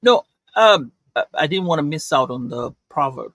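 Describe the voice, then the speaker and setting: A man co-hosting a podcast in casual chat, thinking aloud in a halting way. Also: a little high, lively intonation, a bit bright, no echo. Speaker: podcast co-host.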